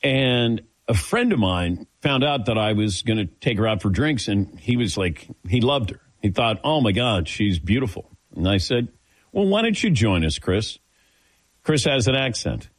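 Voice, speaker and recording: A man's voice: fairly low pitch, lively intonation, moderate pace, hardly any pauses, no echo. A middle-aged man from the American Midwest hosting a sports talk radio show, chatting casually and telling stories with a chuckle. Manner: laid-back, chuckling, storytelling. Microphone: studio microphone.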